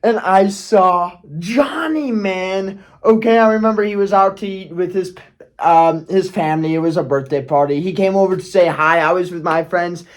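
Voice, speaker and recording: At a moderate pace and in a high voice, a man shares a personal story in a casual vlog on his channel. The YouTuber rambles, starts over, uses profanity, and keeps asking "okay?"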